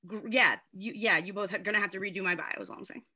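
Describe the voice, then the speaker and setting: A woman's voice: medium pitch, steady tone, fast, pushed and bright. A woman guest on a podcast, an astrologer and comedian chatting casually, joking, swearing and rambling.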